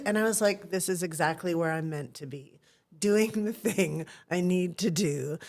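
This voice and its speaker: A woman's voice: lowish voice, normal speed, a little mellow. A woman talking as an interview guest, an acting teacher who tells personal stories in an earnest, reflective way and acts out the voices she quotes.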